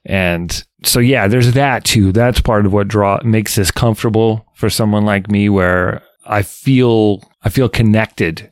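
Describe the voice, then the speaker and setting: A man hosting a casual podcast about hip hop albums, talking in a relaxed, reflective way. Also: fairly low pitch, a little slow, hardly any pauses, clear, resonant tone, no room sound, clean studio sound. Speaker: podcast host. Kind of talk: casual music discussion.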